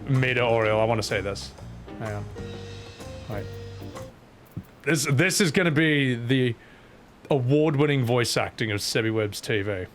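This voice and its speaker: A man's voice: medium pitch, unhurried, long pauses. A man streaming a game, commenting with crude jokes and self-mocking asides over faint music.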